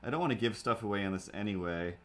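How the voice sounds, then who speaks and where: A man's voice: lowish voice, quick pace, fairly bright tone. A man chatting in a rambling, playful way on a live stream while he draws, now and then slipping into silly voices. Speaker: streamer drawing comics.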